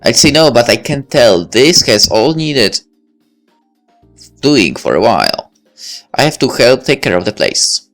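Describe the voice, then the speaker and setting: A woman voicing a thoughtful high school senior girl while reading a visual novel aloud, in a musing inner-monologue manner. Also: sing-song, unhurried, pauses often, soft background music, full character voice.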